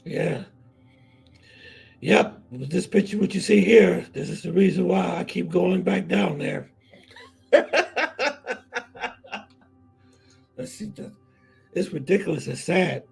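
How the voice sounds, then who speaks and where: A man's voice: high-pitched, a little slow, gravelly, a little mellow, husky, faint music behind, low-quality recording. A man hosting a casual livestream, talking straight to his viewers and chat, repeating himself for emphasis. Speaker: vlog host.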